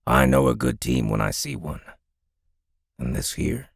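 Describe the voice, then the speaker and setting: A man voicing a stubborn middle-aged military commander, with a deep, gravelly voice and a clipped, firm way of talking. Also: huge pitch swings, unhurried, no echo, clean studio sound, exaggerated voice. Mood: stern.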